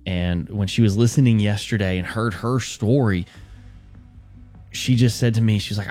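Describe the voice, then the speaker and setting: A male radio host makes a sincere fundraising appeal, halting and restarting as he goes. His voice sits low and mellow. Faint music plays underneath. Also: fairly even intonation.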